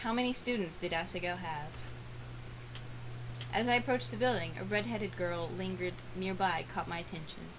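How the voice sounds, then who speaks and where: A woman reading a visual novel aloud for a let's play, earnest, with dramatic pauses. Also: on the low side, noisy background.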